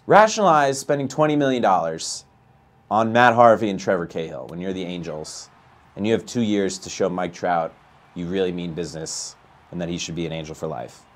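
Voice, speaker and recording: A man playing a baseball video game live, chatting with viewers and ranting with a voice that climbs high when he gets outraged. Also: brisk. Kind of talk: live gameplay commentary and chat.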